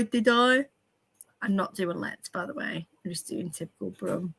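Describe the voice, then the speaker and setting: Loud, sweary woman telling stories. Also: medium pitch, animated, normal speed, gravelly, slightly rough, low-quality recording. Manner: loud, laughing, sweary storytelling. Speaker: streamer panel guest. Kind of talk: casual livestream chat.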